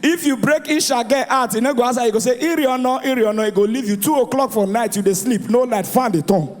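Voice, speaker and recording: A man with a Nigerian accent doing a stand-up comedy routine, animated and shouting his punchlines while acting out the voices in his jokes. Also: extremely high pitch, quick pace. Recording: live venue with long reverb.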